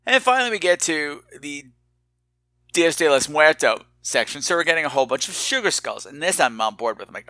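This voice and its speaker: A man hosting a podcast, telling a rambling, self-mocking story in a casual, animated way. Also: fairly high pitch, dry recording. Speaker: podcast host.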